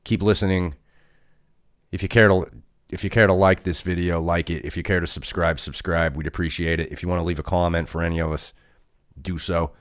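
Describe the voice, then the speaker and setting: Low-voiced man reviewing wrestling, dry sound. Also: level tone, fairly quick, no echo. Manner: conversational, with frequent fillers. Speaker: podcast host. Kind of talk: casual solo wrestling review.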